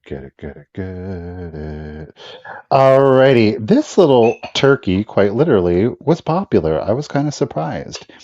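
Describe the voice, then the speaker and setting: A man co-hosting a live sale, making relaxed joking side remarks and reading out bids. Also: lowish voice, a little slow, dull audio. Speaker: co-host. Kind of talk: live auction banter.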